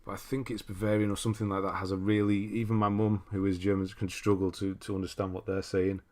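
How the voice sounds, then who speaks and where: A deep-voiced English man hosting a gaming livestream. He chats casually, reads out viewer comments, laughs easily and often restarts his sentences. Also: level tone, fast, a little mellow. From England. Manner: chatty, easygoing, laughs often, frequent restarts. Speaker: livestream host.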